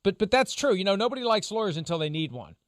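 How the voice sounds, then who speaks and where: A man hosting a sports talk show, explaining legal angles in a measured, lawyerly way. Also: sits high, big pitch swings, no echo, clean studio sound. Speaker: show host, legal analyst.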